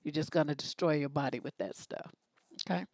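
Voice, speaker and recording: A woman's voice: sits low, fairly quick, darkish tone, no room sound. A woman hosting a live relationship advice show, talking casually in a blunt, emphatic way.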